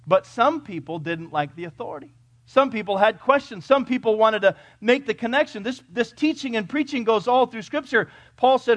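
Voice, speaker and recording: A male pastor preaching a sermon to a congregation, emphatic, firing rhetorical questions and swinging from loud declarations to hushed points. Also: very high-pitched, animated, normal speed, no room sound. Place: church before a congregation.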